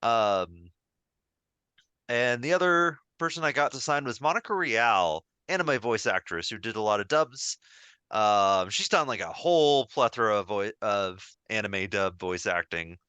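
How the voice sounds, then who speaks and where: Bright, animated podcast co-host man. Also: lowish voice, a little slow, smooth, dry recording. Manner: enthusiastic, rambling storyteller with many fillers. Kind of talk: casual podcast chat.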